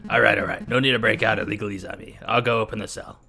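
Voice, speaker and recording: A man voicing a surly male prison guard who talks in a gruff, curt, dismissive way. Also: lowish voice, steady tone, fast, pushed and bright, soft background music. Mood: grumpy.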